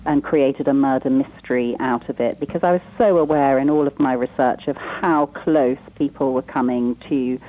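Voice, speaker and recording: A woman from England talks on a phone line that squeezes her voice thin and tinny. She chats easily with a quick laugh, a guest author explaining her work. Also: extremely low pitch. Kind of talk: phone interview.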